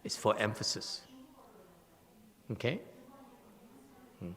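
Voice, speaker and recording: A man with a Vietnamese-accented English giving a Buddhist retreat lecture, halting and repeating words, often checking with "okay?". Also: mid-range voice, lively intonation, a bit bright. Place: temple hall. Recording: long reverb of a hall.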